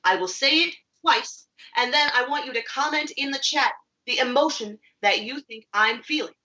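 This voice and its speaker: Woman as a friendly kitchen chef teaching children, clear and bright with deliberate pauses, muffled lo-fi. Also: sits high. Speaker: children's theatre educator. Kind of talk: children's lesson, addressing viewers at home.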